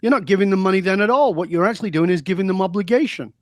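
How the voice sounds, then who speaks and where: A man's voice: sits high, very fast, dry recording. Emphatic man with a dry sound. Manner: emphatic, preachy storytelling. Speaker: guest. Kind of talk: interview conversation.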